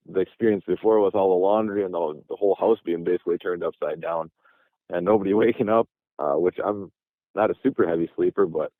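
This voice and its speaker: A guest from Michigan calls in from a parking lot, his low voice coming through a tinny phone line without echo. He tells a long, casual, meandering story full of restarts.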